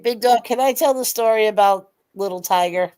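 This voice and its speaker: A woman in casual pub-style chat, an animated storyteller who swears freely. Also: on the high side, moderate pace, smooth. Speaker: co-host.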